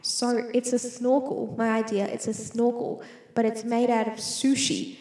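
A woman's voice: fairly high pitch, flat delivery, measured pace, a little mellow. A woman, a student, talking to herself in a playful, rambling monologue that keeps interrupting itself. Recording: echoey room with long reverb.

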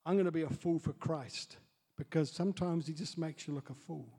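A man preaching a sermon as pastor, dropping to soft asides and building up to loud, excited storytelling. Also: fairly high pitch, fairly quick, creaky, husky. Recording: long hall reverb.

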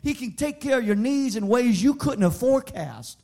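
A pastor delivering a sermon, telling a story and building to loud, emphatic preaching. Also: male voice, very high-pitched, lively intonation, moderate pace, gravelly.

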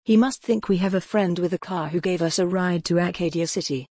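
Lady reading as a bossy-helpful kid girl, warm breathy voice. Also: on the low side, fairly quick, dry recording. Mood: eager.

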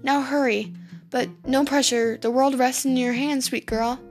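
Bubbly little fairies, as a woman puts them on in a storybook tale. They sound fussy and giggly, pitched high. Faint guitar plays underneath. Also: fairly even intonation, measured pace, darkish tone.

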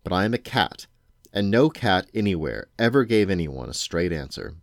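Aloof talking tomcat read by a man, sleepy drawl, riddling, deep voice, dry sound, storybook. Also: sing-song, dry recording. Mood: drowsy cryptic. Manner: slow, lazy and cryptic. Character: drowsy aloof male talking cat, speaks in riddles.

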